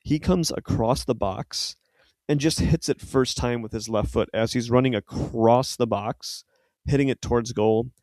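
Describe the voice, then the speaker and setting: A man's voice: medium pitch, measured pace, a little mellow, no room sound. A man co-hosting a podcast, chatting casually about football with lots of fillers and self-corrections. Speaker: podcast co-host.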